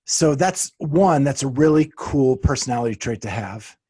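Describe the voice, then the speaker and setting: A middle-aged man hosting a podcast, asking friendly questions in a relaxed, laughing way. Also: mid-range voice, moderate pace, slightly rough. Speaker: podcast host. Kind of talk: casual interview.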